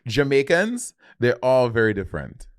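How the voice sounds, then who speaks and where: A man co-hosting a podcast, chatting casually, expressive and quick to laugh. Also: medium pitch, no echo, studio quality. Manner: expressive, laughs often, mock-outraged. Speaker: podcast co-host. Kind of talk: casual chat.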